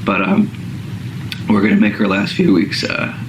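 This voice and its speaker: Low, flat-voiced man, hesitant. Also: moderate pace. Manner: hesitant, many fillers. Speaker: vlogger. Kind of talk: casual talk to camera. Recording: roomy clip with vehicle noise.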